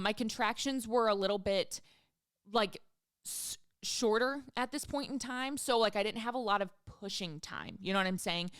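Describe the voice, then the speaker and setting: A woman in her thirties hosts a podcast and tells a personal story, candid and emphatic, swearing freely as she goes. Her medium-pitched voice comes through as a dry recording with clean studio sound.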